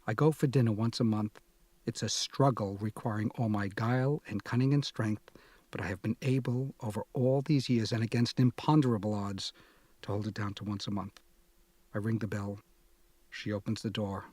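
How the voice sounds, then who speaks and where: A man's voice: fairly low pitch, darkish tone, husky, dry recording. A man narrating a first-person audiobook in an anguished, sardonic, confessional manner.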